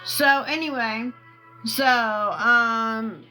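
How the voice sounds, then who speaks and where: A woman's voice: on the high side, expressive, takes it slowly, bright, forceful tone, faint music behind, poor audio. A woman chatting casually on a livestream, rambling through a personal story and asking viewers for gifts. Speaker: TikTok live streamer.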